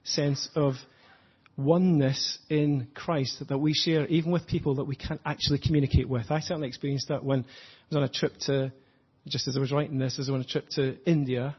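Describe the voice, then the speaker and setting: A man preaching an earnest, reflective sermon, slowing down to stress his points. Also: medium pitch, fairly even intonation, slightly rough, dull audio. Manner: earnest, reflective, slows for emphasis.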